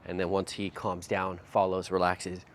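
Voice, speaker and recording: A man working as a dog trainer, explaining each step aloud outdoors while he drills a puppy, sometimes lifting into high sing-song praise. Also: monotone, normal speed, a little hiss or hum.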